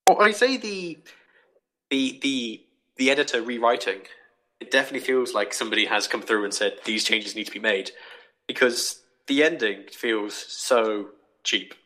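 A young man casually talking through a book on a podcast, rambling and animated, acting out quoted thoughts. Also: mid-range voice, normal speed, low-quality recording. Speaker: podcast host reviewing a book.

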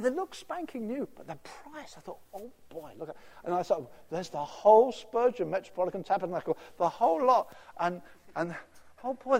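An older man preaching a sermon, telling stories with animated acted-out quotes. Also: high-pitched. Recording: long reverb of a large hall.

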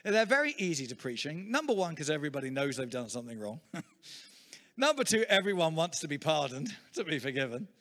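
A man's voice: fairly high pitch, fairly quick, long reverb tail. A middle-aged man preaching a sermon, telling stories with humor. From England. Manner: lively, humorous storytelling preacher. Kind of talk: sermon with storytelling.

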